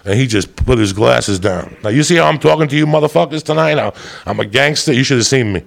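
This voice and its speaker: A man doing profane stand-up storytelling on a club stage, loud and shouting his punchlines. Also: medium pitch, fast, gravelly. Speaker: stand-up comedian.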